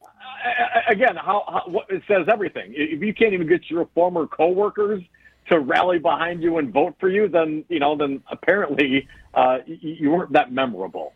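A man hosting a talk radio show, good-humored and quick to laugh, often restarting his sentences. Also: sits high, very animated, creaky, breathy edge, no room sound. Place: radio studio. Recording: slightly muffled radio broadcast with faint music.

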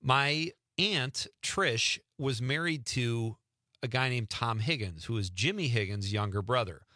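A man hosting a show, chatty and quick to tell stories and laugh. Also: medium pitch, animated, sharp tone, no echo, clean studio sound. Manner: chatty, storytelling, laughs easily. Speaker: host. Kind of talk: casual interview chat.

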